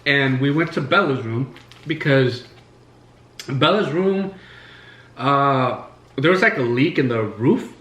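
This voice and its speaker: A man's voice: a little high, expressive, takes it slowly, pauses often, a bit bright, muffled recording. Rambling man chatting in an echoey room. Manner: rambling, filler-heavy storytelling. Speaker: host. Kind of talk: casual chat while eating. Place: living room at home. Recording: echoey room, faint music.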